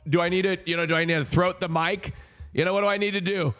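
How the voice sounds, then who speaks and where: A young man streaming, telling a rambling casual story with sudden high joking outbursts. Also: fairly even intonation, fast talker, a bit bright, slight background noise.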